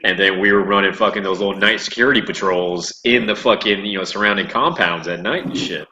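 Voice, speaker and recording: A man's voice: low voice, fairly quick, bright, forceful tone, lo-fi sound. A man recalling his Marine deployment in a casual, profane chat, often laughing. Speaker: former Marine, guest. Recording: echoey room, faint noise.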